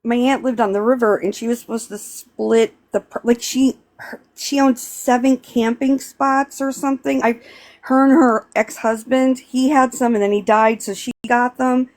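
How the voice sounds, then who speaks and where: A middle-aged woman from Pennsylvania, a live stream host, talking in a rambling, halting way and close to tears. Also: fairly high pitch, fairly even intonation, darkish tone. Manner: rambling, halting, tearful, many restarts. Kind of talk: emotional casual chat.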